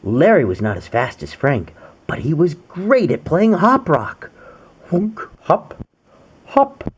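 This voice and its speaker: A man reads a picture book aloud to his young daughter, playful and sing-song, tossing in animal noises and questions for her as he goes. His voice sits on the high side and swoops wildly in pitch, with a measured pace and a slightly rough texture.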